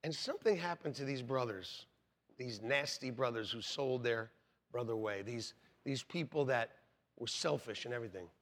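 A pastor with a mid-range voice preaches at a moderate pace in a church sanctuary. He tells animated stories, acting out voices and joking with the congregation.

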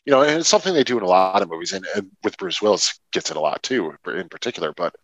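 A man's voice: low-pitched, animated, fast, fairly bright tone, no room sound, poor audio. A man co-hosting a movie podcast, talking casually and emphatically, with some swearing. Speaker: podcast co-host. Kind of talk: casual movie review chat.

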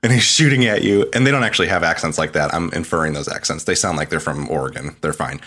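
Laughing deep-voiced man recounting a game. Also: expressive, fast talker, bright, forceful tone, breathy edge. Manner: laughing storyteller, retells game dialogue in mock voices. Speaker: podcast co-host. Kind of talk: casual chat.

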